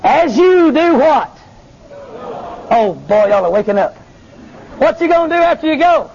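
Male preacher, high pitch, lively revival delivery, dull lo-fi recording. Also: measured pace, vocal fry, a little hiss or hum. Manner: animated, calls to the congregation, Southern. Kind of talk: revival sermon with testimony.

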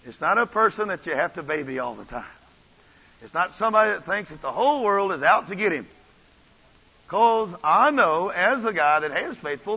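A man's voice: high voice, big pitch swings, moderate pace, pushed and bright, slightly rough. A man preaching a sermon as pastor, with an impassioned, repetitive cadence. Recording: dull audio with long church reverb.

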